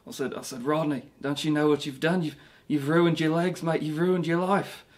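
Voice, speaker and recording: A man's voice: fairly high pitch, fairly even intonation, moderate pace, close to an everyday voice. A man playing a boastful British ex-rocker. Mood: rambling. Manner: rambling, boastful, stumbling restarts. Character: vain washed-up male rock singer, self-pitying. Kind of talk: mockumentary interview.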